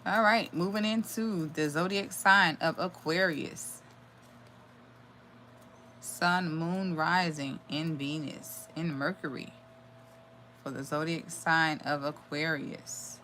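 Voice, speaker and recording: Low-voiced woman reading tarot live. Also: fairly even intonation, slow pace, bright, forceful tone, a little hiss or hum. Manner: channels aloud with sudden exclamations and swearing. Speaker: tarot reader.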